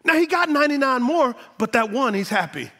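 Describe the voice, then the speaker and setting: A male pastor preaching a sermon with great energy, repeating words for emphasis and swinging between loud exclamations and hushed tones. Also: very high voice, sing-song, fairly quick, long reverb tail.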